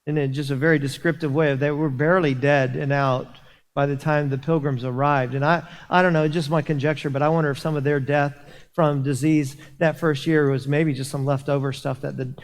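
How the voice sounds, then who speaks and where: Pastor guy preaching, kinda high voice, lots of restarts, big reverby church hall. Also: flat delivery, a little fast. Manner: storytelling with frequent restarts and repeated words. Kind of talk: sermon. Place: church sanctuary.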